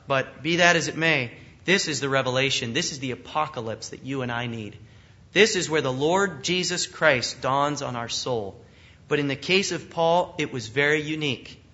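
A man's voice: mid-range voice, bright, forceful tone. A man preaching an expository sermon to a congregation, earnest and emphatic, often asking them questions. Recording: muffled, lo-fi recording.

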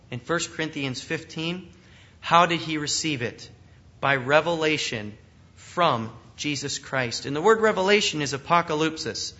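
A man's voice: a little high, bright, forceful tone. A man preaching an expository sermon to a congregation, earnest and emphatic, often asking them questions. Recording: muffled, lo-fi recording.

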